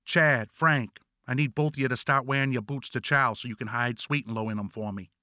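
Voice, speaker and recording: A man's voice: mid-range voice, brisk, sharp tone, no room sound, studio quality, natural voice. A man voicing a prisoner who mocks a boss with a fake accent and dropped R's. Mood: mocking. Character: prisoner mimicking a squeaky-voiced boss.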